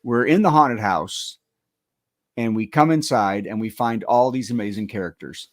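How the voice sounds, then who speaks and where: A man's voice: on the low side, moderate pace, no echo, clean studio sound. A man co-hosting a late-night show, chatting casually and rambling while he fumbles for a video. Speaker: show co-host. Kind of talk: casual chat.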